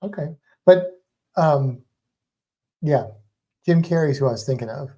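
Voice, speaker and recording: Mellow and unhurried, with a breathy edge and a mid-range voice, a livestream co-host talks eagerly about movies in casual chat, rambling and starting sentences over. This speaker teaches a class about sharks.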